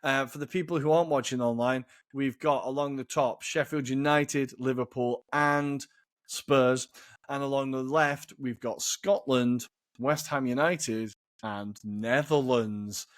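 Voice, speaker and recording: A man's voice: mid-range voice, fairly even intonation, measured pace, no echo, studio quality. A man co-hosting a football podcast in casual chat, thinking aloud and swearing freely. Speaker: podcast co-host.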